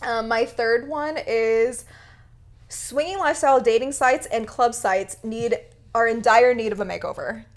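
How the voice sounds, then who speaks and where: A woman co-hosting a podcast in casual chat, bubbly and quick to laugh. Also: a little high. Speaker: podcast co-host.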